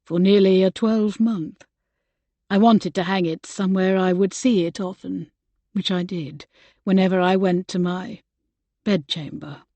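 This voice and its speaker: A woman reading the part of a tender, earnest gentleman suitor in a soft, hushed voice. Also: lowish voice, steady tone, unhurried, no echo.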